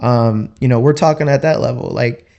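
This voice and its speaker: A man talking as a podcast guest in a casual, rambling way, full of "like" and "you know", and quick to laugh. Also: mid-range voice, vocal fry, darkish tone, lo-fi sound. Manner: laughs easily while telling stories.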